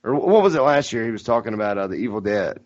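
A man's voice: fairly low pitch, sing-song, fast talker, no echo. A man with a Southern US accent, co-hosting a podcast in a laid-back, casual way. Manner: laid-back, says man and dude a lot. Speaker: podcast co-host. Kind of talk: casual chat. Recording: dull lo-fi podcast audio, dry.

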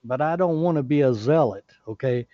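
A man's voice: mid-range voice, a little fast, no room sound. A man on a group call, talking in an earnest, apologetic way with many restarts. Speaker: call participant. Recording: muffled lo-fi call audio.

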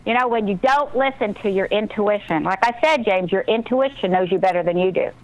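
During a casual radio interview, a female author speaks earnestly and motivationally about breathing and intuition. Her mid-range voice has a darkish tone and a slightly quick pace, captured with lo-fi sound.

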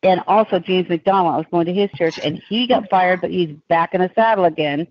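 A woman guest on a podcast, telling long rambling stories in a casual, animated way. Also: fairly low pitch, fairly quick, no room sound, lo-fi sound. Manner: rambling, animated, digressive storytelling.

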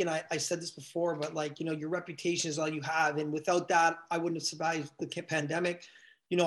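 Fast-talking man, animated storyteller. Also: fairly high pitch. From Canada. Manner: animated, swears freely, retells quotes with feeling. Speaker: guest, event promoter. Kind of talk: casual storytelling.

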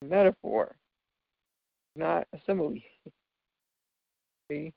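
A man's voice: fairly high pitch, lively intonation, slow pace, gravelly, pauses often, no room sound. A man teaching figures of speech from scripture, patiently explaining and often checking in with "right?". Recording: dull lo-fi dry recording.

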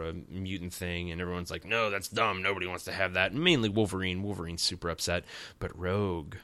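Man, podcast host, casual recap, wry sarcastic tone, bright forceful voice. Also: low voice, no echo.

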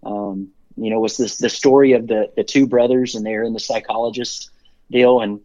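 A middle-aged man talks as an interview guest at a medium pitch, rambling cheerfully from one story to the next with lots of "um" and "you know". The sound is dull and lo-fi. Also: fairly even intonation, moderate pace, dark tone. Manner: rambling, upbeat, many fillers and restarts. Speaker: guest, company CEO.

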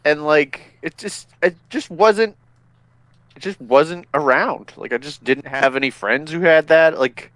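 A man's voice: on the high side, unhurried, fairly bright tone, dry recording. A man co-hosting a podcast in casual chat, wry and self-deprecating. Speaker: podcast co-host.

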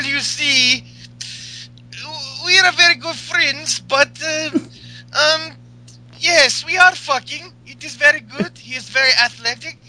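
Man putting on a deadpan lady wrestler. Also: high voice, slight background noise, voice pushed up, full character voice, rough recording. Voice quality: stilted broken English, flat deadpan delivery. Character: blunt Russian-accented female wrestler, deadpan and boastful.

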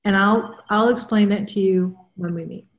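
On a group video call, a woman who works as a spiritual counselor chats casually, explaining things unhurriedly and often repeating herself. Her mid-range voice stays steady, and the recording has a roomy echo.

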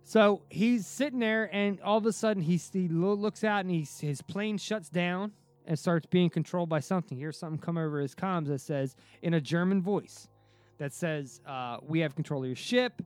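A man hosting a podcast, telling a story in a casual, excitable way, with frequent restarts and casual swearing. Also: high-pitched, normal speed, soft background music. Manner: excitable, many restarts and fillers, swears freely. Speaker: podcast host.

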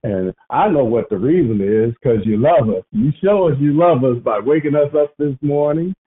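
A man hosting a prayer phone line, praying aloud in a lively, preacherly way. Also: medium pitch, moderate pace, slightly rough.

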